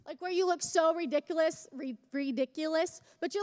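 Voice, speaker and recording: A woman's voice: high-pitched, fairly even intonation, brisk, few pauses, darkish tone, in a large hall. A young woman speaking at a church service, telling a chatty, self-mocking parenting story that builds into fervent encouragement. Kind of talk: sermon with personal story.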